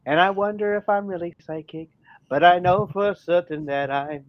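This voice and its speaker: A man's voice: sits high, moderate pace, dry recording, muffled recording. Playful man co-hosting a podcast. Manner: playful, jokey. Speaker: podcast co-host. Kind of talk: casual podcast chat.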